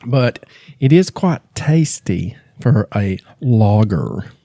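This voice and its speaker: A man's voice: on the low side, very animated, slow pace, creaky, warm tone, no echo, studio quality. A man co-hosting a true crime podcast, chatting casually and reading out case notes. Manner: laid-back, joking, reads case notes. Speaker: podcast co-host.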